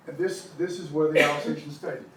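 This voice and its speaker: A man's voice: on the high side, steady tone, fairly bright tone. Older Texan man lecturing in a roomy hall. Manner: halting, repeats words, folksy asides to the class. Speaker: language class teacher. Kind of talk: classroom lecture with slides. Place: community classroom. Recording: roomy, distant mic, faint hum.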